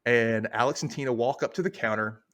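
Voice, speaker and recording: Speaking briskly in a fairly bright, mid-pitched voice, this man hosts a podcast and casually walks through a TV episode. His retelling wanders, full of fillers and side comments.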